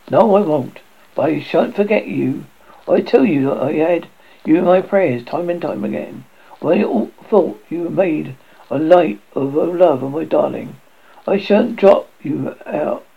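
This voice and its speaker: A man's voice: on the high side, vocal fry, slightly rough, lo-fi sound, exaggerated voice. A man voicing a bitter, grieving old woman servant who talks in rustic country speech and hurls accusations. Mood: vengeful.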